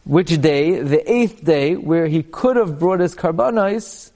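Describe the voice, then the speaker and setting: Rabbi chanting and explaining Talmud. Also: male voice, fairly high pitch, slow pace, a little mellow. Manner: chants the text aloud then explains it plainly in English. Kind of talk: Talmud class, reading and explaining.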